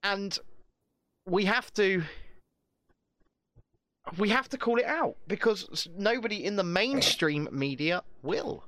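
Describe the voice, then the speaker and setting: Animated, sweary male ranting host. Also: sits high, takes it slowly, pauses often, no room sound. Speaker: podcast co-host. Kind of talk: sweary political rant chat.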